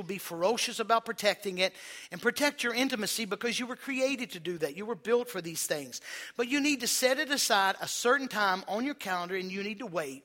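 A male pastor preaching a sermon, calling on the congregation to respond and repeat after him, moving between quiet, slow passages and loud, emphatic ones. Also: high voice.

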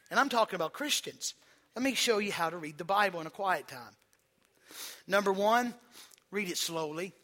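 A male pastor preaching a sermon, calling on the congregation to respond and repeat after him, moving between quiet, slow passages and loud, emphatic ones. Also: high voice.

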